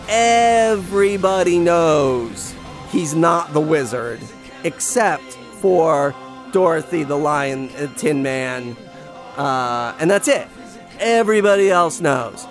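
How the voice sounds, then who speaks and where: A man casually reviewing a movie, rambling with many fillers and restarts, wryly griping. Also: a little high. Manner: wry, playfully griping. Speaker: film reviewer.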